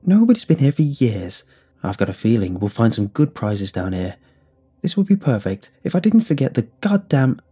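A man's voice: medium pitch, sing-song, normal speed, dark tone, breathy edge. A man voicing a brash, mocking male treasure hunter who plays up to a camera audience in a storytelling video. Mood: mocking, boastful.

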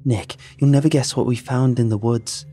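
A man voicing an excited, shouting teenage boy in a spoken story. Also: medium pitch, moderate pace, voice pushed up, lightly acted.

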